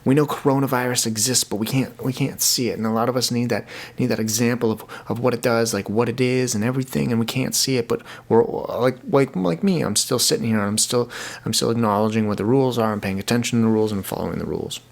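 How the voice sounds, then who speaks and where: Speaking fast in a mid-range, creaky voice, a young man rambles earnestly through a solo episode of his own podcast. He keeps restarting, repeating words as he goes, in a casual monologue.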